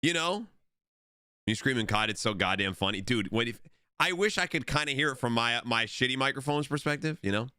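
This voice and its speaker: Bright-voiced, rambling man streamer. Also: mid-range voice, expressive, brisk, clean tone, no echo, studio quality. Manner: rambling, swearing, shouts out to chat. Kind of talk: casual live-stream chat. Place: home streaming setup. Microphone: desk microphone.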